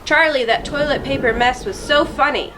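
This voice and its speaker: A woman doing a loud, giggly schoolgirl. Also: high-pitched, lively intonation, fairly quick, background noise, pitched above the performer's own voice. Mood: gleeful. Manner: shouting, gleeful. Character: loud excited schoolgirl friend.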